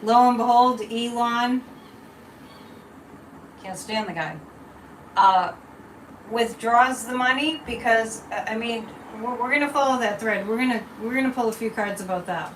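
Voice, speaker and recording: A woman's voice: a little high, unhurried, pauses often, far from the mic, slight background noise. A woman psychic hosting a casual livestream card and tea leaf reading, chatting and rambling straight to her viewers. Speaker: psychic reader and channel host. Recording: roomy sound from away from the mic.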